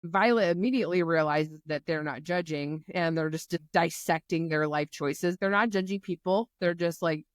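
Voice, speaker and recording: A woman's voice: on the low side, moderate pace, hardly any pauses, dry recording, studio quality. A woman co-hosting a podcast, retelling a book's plot in casual chat and acting out the characters' lines. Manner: animated retelling with voiced quotes. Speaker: podcast co-host.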